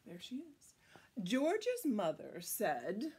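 A woman's voice: high-pitched, huge pitch swings, slow pace, fairly bright tone, slightly rough. A woman reading a picture book aloud to children, playful and exclamatory in a sing-song manner. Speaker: children's storyteller. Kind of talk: storytime read-aloud for kids.

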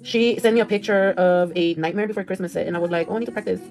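Painting nails on a livestream, a woman talks very fast in a lowish, darkish voice over background music. She chats casually, swears freely, slips into Spanish, and answers viewer comments.

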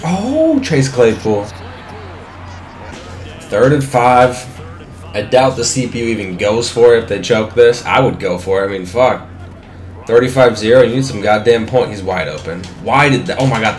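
Excitable young man commentating a game. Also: medium pitch, reverberant. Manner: excitable, swearing, talks to the screen. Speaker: gaming commentator.

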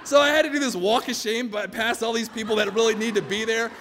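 High-voiced man telling a story on stage. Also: steady tone, a little fast. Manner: chatty, self-mocking, full of "like". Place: church hall with live audience. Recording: long hall reverb, faint room noise.

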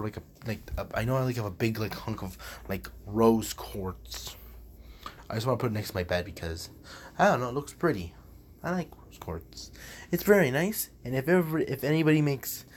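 A man's voice: mid-range voice, slight background noise. A man rambling in a goofy, jokey way from his room while practicing on a language app. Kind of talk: casual rambling commentary.

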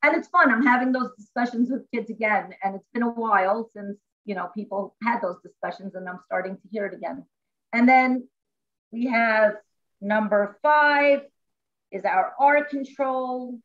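Chatty teacher woman, fairly high voice. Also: normal speed, dull audio. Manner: animated, chatty, explains step by step. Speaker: classroom teacher. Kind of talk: informal teaching demonstration. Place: at home.

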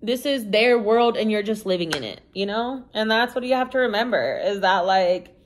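A woman's voice: medium pitch, moderate pace. A young woman from the United States talking casually to the camera in a vlog, candid and rambling, with lots of "like" and "you know". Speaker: vlogger. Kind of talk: casual confessional chat to camera.

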